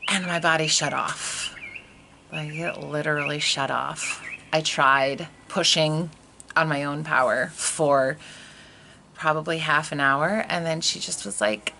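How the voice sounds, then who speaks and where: Woman, low pitch, gravelly, candid personal storytelling, noisy background. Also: unhurried, pushed and bright. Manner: candid, emotional, conversational with fillers. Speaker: vlogger telling her birth story.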